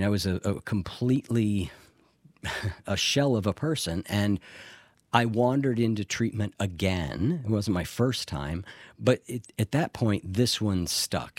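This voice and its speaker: A man's voice: deep voice, no echo, studio quality. A middle-aged man speaking candidly in an interview, reflective and earnest, with the odd restart. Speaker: interview guest in addiction recovery.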